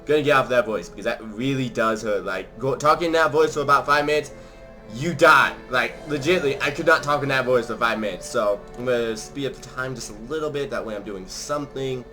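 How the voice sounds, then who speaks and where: A man hosting a strategy game let's play, talking quickly and chattily to his viewers and playing with theatrical voices. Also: medium pitch, bright, forceful tone, soft background music. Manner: theatrical, changes voices for fun. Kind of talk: casual gaming commentary.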